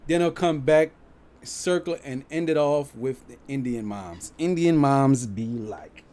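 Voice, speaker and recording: A man's voice: medium pitch, expressive, a little slow, dark tone. A man casually talking viewers through comedy clips he is reacting to, loose and laid-back.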